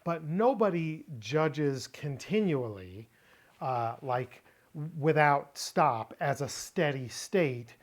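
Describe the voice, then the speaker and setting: A middle-aged man teaching a Bible word-study lesson, explaining deliberately and repeating key points for emphasis. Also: on the high side, animated. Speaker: Greek teacher.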